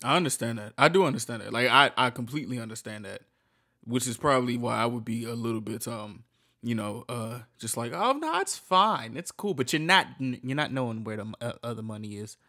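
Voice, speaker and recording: A man reacting to a true crime video in casual chat, slangy and exclaiming, with quick laughs. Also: mid-range voice, bright, forceful tone.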